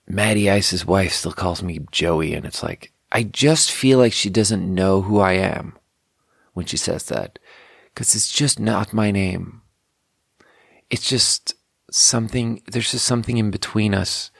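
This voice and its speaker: Young male podcast host; low voice, rambling, self-interrupting, casual swearing; dry recording. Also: vocal fry, breathy edge, no echo.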